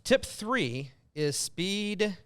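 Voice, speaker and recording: An American man hosting a podcast, giving advice in a loose, filler-heavy way that gets animated when he makes a point. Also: sits high, very slow. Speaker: podcast host, real estate coach. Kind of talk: casual podcast chat giving tips.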